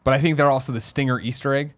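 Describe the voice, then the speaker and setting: A man co-hosting a podcast in a casual chat, quickly rattling off casting ideas. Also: mid-range voice, fairly even intonation, faint music behind. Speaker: podcast co-host.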